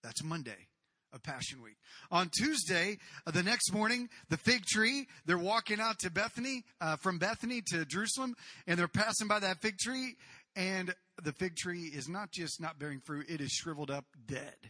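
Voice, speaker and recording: A male pastor preaching with a high, very bright voice. He tells the story casually and animatedly, with asides to the congregation and sudden shouted outbursts. The sound is close and dry. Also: expressive, moderate pace, no echo. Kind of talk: sermon.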